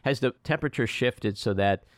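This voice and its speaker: A man's voice: medium pitch, normal speed, no room sound. A man hosting an interview, frank and opinionated, who grows heated as he makes his points. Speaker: interview host. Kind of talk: conversational interview.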